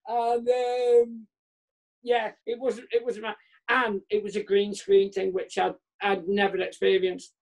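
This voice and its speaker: A man's voice: sits high, monotone, takes it slowly, gravelly, long pauses. Rambling, self-deprecating man. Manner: rambling, self-deprecating, trails off mid-sentence. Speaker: comedian guest. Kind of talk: candid conversational interview. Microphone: remote video call.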